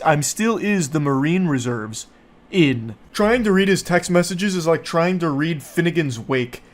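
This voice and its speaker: A man with a somewhat high voice reads text messages aloud and comments on them. His delivery is sarcastic and incredulous, with plenty of profanity. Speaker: online commentator.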